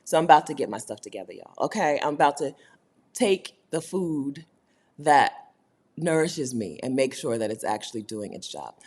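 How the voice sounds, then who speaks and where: A woman hosting a casual livestream, reading viewer comments aloud, emphatic and animated, laughing often and swinging between loud high bursts and low murmurs. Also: normal speed, husky. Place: indoors, home setting while living abroad.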